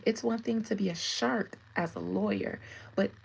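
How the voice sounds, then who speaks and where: Husky chatty woman with vocal fry. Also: mid-range voice, moderate pace, rough recording. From United States. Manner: chatty, greets viewers, laughs often. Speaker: tarot reader and livestream host. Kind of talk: casual livestream chat.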